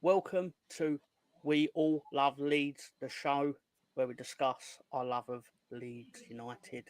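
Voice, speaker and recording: A man's voice: medium pitch, little pitch movement, takes it slowly, no room sound. A man co-hosting a casual fan podcast, jokey, greeting viewers one by one. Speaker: co-host.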